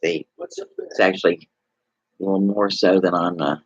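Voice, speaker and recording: A man's voice: low voice, steady tone, moderate pace, slightly rough, dry recording, muffled recording. A man with a Texas accent chatting casually to viewers on a livestream, rambling and asking them questions. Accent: Texan. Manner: rambling, talks straight to viewers with many questions. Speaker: livestream host.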